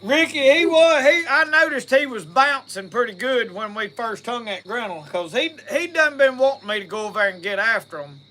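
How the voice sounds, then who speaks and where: Reading viewer comments on his live stream, a man with a Southern Mississippi accent chats in a rambling, folksy manner and is quick to laugh. His very high voice is pushed and bright, with lively intonation, a moderate pace and hardly any pauses.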